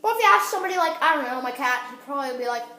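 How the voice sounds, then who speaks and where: Woman vlogger, high and animated, silly rambling delivery, roomy sound. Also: racing. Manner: goofy, rambling, self-interrupting. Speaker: vlogger demonstrating a snack. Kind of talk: casual how-to vlog.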